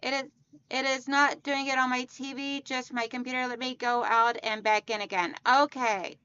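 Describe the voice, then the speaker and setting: A woman hosting a casual quilting livestream, chatting warmly with viewers and greeting them by name as hon and sweetheart. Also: high voice, level tone, moderate pace, clean tone, dry recording, dull audio.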